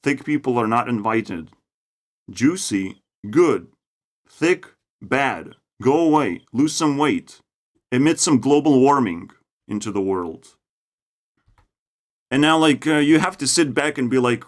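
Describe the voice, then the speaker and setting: Young Lithuanian-accented man, profane mocking forest rant, very lively pitch, loud bursts and quiet asides. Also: slow, long pauses. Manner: profane, mocking, swings between loud outbursts and low mutters. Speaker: vlogger. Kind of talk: ranting monologue. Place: outdoors in a forest.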